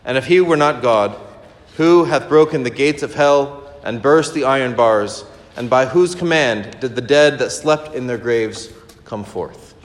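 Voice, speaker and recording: A man preaching a sermon. He reads a passage as a rhythmic string of rhetorical questions, then comments on it more quietly. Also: mid-range voice, a little slow, long reverb tail.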